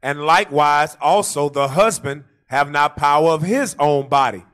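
A man reading scripture aloud in a steady, respectful way. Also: fairly high pitch, moderate pace. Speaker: scripture reader.

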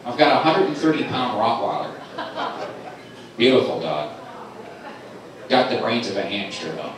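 A man doing a stand-up comedy set in a club, loud, animated and teasing the audience. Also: medium pitch, moderate pace, noisy background. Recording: roomy club sound from a distant camera, crowd laughing. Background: audience laughter.

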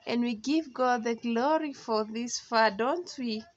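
A woman vlogging at home at night, talking softly and dotingly to her baby in baby talk. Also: on the high side, unhurried, muffled recording.

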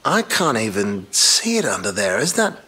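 Australian accent, an eager car-hunting sidekick, video game character, excitable and awed, lively pitch. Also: male voice, normal speed, background noise. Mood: excited.

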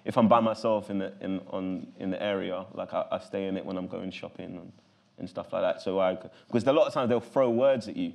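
A man with a London accent, answering interview questions in an animated, loose way full of casual fillers. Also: deep voice, fairly quick, vocal fry. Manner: animated, loose, full of fillers like "you know what I'm saying". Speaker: actor guest.

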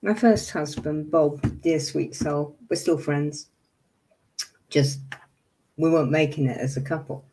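A woman's voice: low-pitched, takes it slowly, pauses often, dark tone. A woman in her seventies hosting a livestream, talking to viewers in an angry, emphatic way and apologizing for her outbursts. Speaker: livestream host. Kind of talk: impassioned casual talk to viewers.

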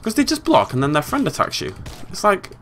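A British man commentating his gameplay, swinging from exasperated yelling to low muttering. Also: wildly swooping pitch, brisk, slight background noise. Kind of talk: let's play commentary.

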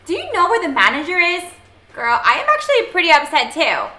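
A woman playing a family roleplay game, talking in an animated, excitable, bossy mom tone. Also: extremely high pitch, a little fast, roomy sound. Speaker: roleplay player voicing the mom figure. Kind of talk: playful game roleplay narration.

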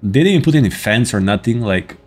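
Low-voiced man joking over gameplay. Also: expressive, fast talker. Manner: joking, teasing game characters. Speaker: gaming YouTuber. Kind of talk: casual gameplay commentary.

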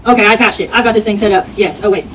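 A woman's voice: medium pitch, racing, a bit bright, far from the mic, slight background noise, rough recording. A woman hosting a casual home vlog, narrating a product assembly in a rambling way with lots of fillers, indoors at home. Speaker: product reviewer.

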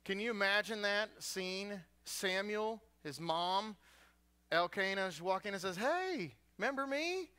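A man's voice: high-pitched, fairly even intonation, measured pace, bright, forceful tone, clean tone. A man preaching a sermon as a guest preacher in a church, retelling a story with humor and animation.

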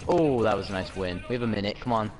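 A man's voice: lowish voice, expressive, quick pace. A man in casual gaming chat, swearing and trading crude, mock-tough banter with his teammates. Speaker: online game player. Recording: noisy background.

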